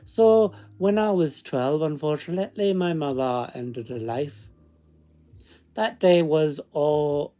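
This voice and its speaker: A man reading a first-person ghost story aloud in a put-on Scottish accent, with halting reading and restarts. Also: fairly high pitch, dark tone.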